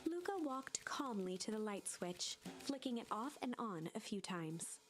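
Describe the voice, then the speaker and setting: A woman narrating a story game in a hushed, suspenseful voice that often drops to a half-whisper. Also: medium pitch, expressive, unhurried. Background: game music.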